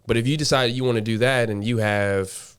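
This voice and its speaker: A young man co-hosts a casual podcast chat in a smooth, resonant voice. He is emphatic and repeats phrases to press his point. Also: mid-range voice, steady tone, brisk. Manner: emphatic, repeats himself for stress. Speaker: podcast co-host.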